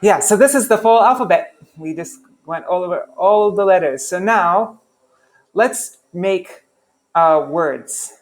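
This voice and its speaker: A man teaching a relaxed language class, chatty and self-interrupting, who repeats sounds over and over to demonstrate them. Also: high-pitched, unhurried. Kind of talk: casual online class.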